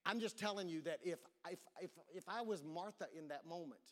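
A bright, high-voiced preaching man. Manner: dramatic, repeats words, draws out phrases slowly. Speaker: pastor. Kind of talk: sermon.

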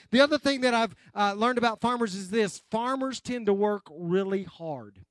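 A man's voice: extremely high pitch, no echo. A man preaching a sermon as pastor, folksy and chatty with the congregation, often restarting and adding asides.

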